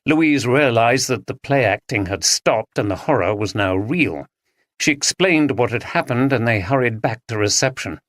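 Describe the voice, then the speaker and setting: A man reading a story aloud as an audiobook narrator, with expressive storytelling. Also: mid-range voice, normal speed, no echo, clean studio sound. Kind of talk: scripted narration.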